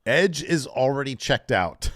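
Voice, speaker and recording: A man co-hosting a casual wrestling podcast, jokey and animated. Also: mid-range voice, measured pace, dry recording. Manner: animated, jokey, retells scenes with voices. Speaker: podcast co-host.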